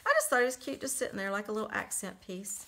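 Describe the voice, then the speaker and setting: A woman casually talking through a handmade journal she made, chatty and relaxed with lots of little fillers. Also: medium pitch, fast talker. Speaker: crafter showing a handmade journal. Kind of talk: casual flip-through narration.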